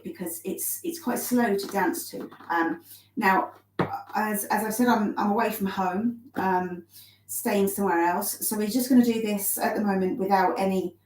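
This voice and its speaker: A woman's voice: medium pitch, a little mellow. A woman teaching a live tap dance lesson from a kitchen, a little out of breath, chatty with many ums and restarts. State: slightly out of breath. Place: kitchen of a small bungalow. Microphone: phone set on the floor. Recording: roomy sound from a distance.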